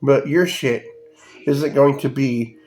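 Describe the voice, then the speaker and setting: Soft music plays behind a podcast host whose medium-pitched, slightly mellow voice moves slowly. He delivers an angry, profanity-heavy rant and mocks people with put-on voices.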